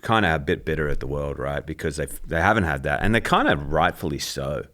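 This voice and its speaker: A man hosting a faith podcast, asking relaxed questions with short affirming murmurs. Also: a bass voice, fairly quick. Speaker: podcast host. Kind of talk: casual interview.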